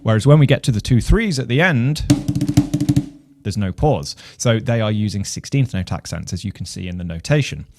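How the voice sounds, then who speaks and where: A man, a composer and music teacher from England, giving a measured explanation of rhythm and counting beats aloud. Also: fairly low pitch, animated, darkish tone. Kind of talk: instructional explanation.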